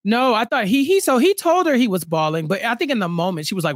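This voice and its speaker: High-voiced man in animated recap chat. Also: fast, dry recording, studio quality. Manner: animated, acts out quotes in raised voices. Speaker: podcast co-host.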